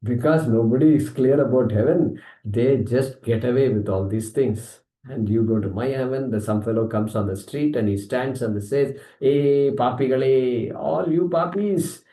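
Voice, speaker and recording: Indian-accented male scripture teacher, conversational and animated, mellow voice, reverberant hall sound. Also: medium pitch, moderate pace. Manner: animated, conversational, acts out objections. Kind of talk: scripture class lecture.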